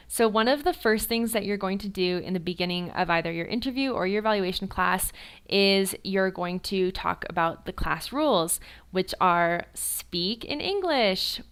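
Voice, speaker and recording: A woman's voice: medium pitch, a bit bright, clear, resonant tone. A young woman, an online English teacher, giving casual tips in a tutorial. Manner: chatty, demonstrates slow exaggerated teacher speech.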